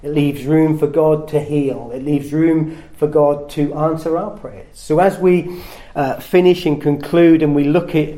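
A man's voice: steady tone, a little slow, dark tone. A man preaching a sermon in an earnest way, his voice rising at emphatic points. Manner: earnest, rises in pitch and volume at emphatic points.

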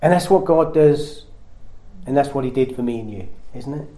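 A man's voice: moderate pace, warm tone. A man preaching a sermon in an earnest way, his voice rising at emphatic points. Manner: earnest, rises in pitch and volume at emphatic points.

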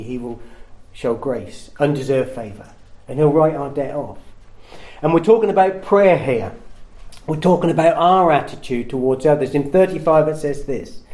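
A man preaching a sermon in an earnest way, his voice rising at emphatic points. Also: warm tone. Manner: earnest, rises in pitch and volume at emphatic points.

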